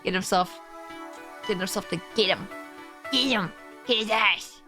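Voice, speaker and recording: A woman's voice: medium pitch, unhurried, pushed and bright. A woman streamer giving chatty live commentary while playing a game, laughing and talking to her chat. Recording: game music behind voice.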